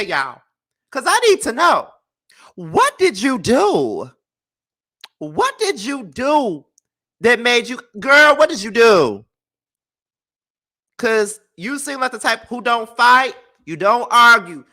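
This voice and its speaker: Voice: medium pitch, bright, forceful tone. A reaction video host giving dramatic, gossipy, sassy commentary.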